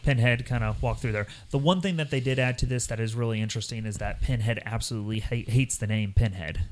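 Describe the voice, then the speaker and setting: A man co-hosting a podcast, talking in a rambling, animated way and putting on voices when he quotes people. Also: medium pitch, fast talker. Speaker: podcast co-host. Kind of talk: casual chat.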